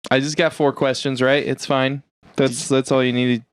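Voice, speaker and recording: A man co-hosting a casual podcast, playing along with a quiz and throwing in deadpan jokes. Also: medium pitch, moderate pace, smooth. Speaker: podcast co-host.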